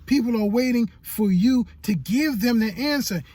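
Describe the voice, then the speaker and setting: A man's voice: very high voice, normal speed, darkish tone, no echo. A man giving motivational vlog talk as a YouTube coach, preachy and repeating phrases for emphasis.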